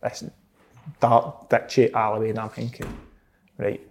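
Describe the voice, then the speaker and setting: A man's voice: on the low side, measured pace. A man with a Scottish accent telling a story in casual chat, laughing often and acting out what people said. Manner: animated, laughs often, acts out quotes.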